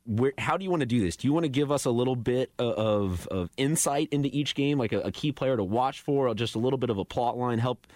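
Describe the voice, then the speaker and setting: A man's voice: medium pitch, fast talker, hardly any pauses, a little mellow, no echo. A man in his twenties hosting a sports radio show in a studio, chatty and self-deprecating. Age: 20s.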